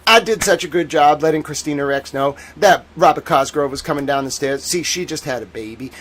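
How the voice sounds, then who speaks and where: A man hosting a casual legal commentary stream, animated and sarcastic, who mocks people in whiny put-on voices. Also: fairly high pitch, fairly quick, a little hiss or hum. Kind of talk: casual chat.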